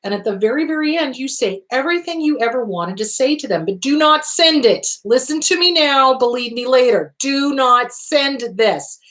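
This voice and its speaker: A woman counselor hosting a show, giving blunt, emphatic advice in a lively, direct way. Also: high voice, moderate pace, hardly any pauses.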